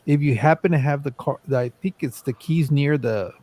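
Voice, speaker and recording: Man, a little high, teasing host of a casual livestream. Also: moderate pace, a little mellow. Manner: teasing, joking. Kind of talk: casual group chat on a livestream.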